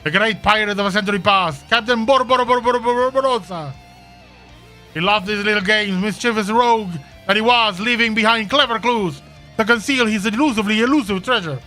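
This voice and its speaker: A man's voice: sits high, a little fast, sharp tone, soft background music. A man voicing a boastful, theatrical pirate captain in a fan voice-over of game dialogue, drawing out his words in old-timey pirate speech.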